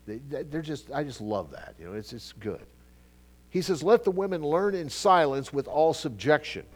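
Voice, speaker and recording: A middle-aged male pastor teaches a sermon casually and conversationally, alternating loud emphatic bursts with quiet asides and restarting often. His voice is a little high, with big pitch swings and a moderate pace.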